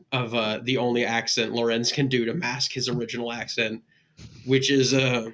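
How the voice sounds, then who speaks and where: Brief: bright-voiced male player, casual and wry, some "uh"s. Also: medium pitch. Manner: wry, hesitant with fillers. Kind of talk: casual tabletop chat.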